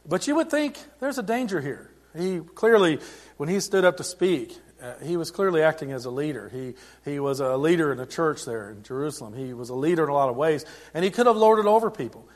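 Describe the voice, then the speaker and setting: A middle-aged man preaching a sermon as pastor, in a conversational way with frequent restarts and swings in loudness. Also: medium pitch.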